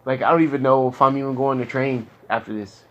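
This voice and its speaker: Frustrated young man talking in halting bursts. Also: medium pitch, steady tone, a bit bright, dull audio. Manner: frustrated, rambling, halting restarts. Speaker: client in therapy. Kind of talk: candid casual talk.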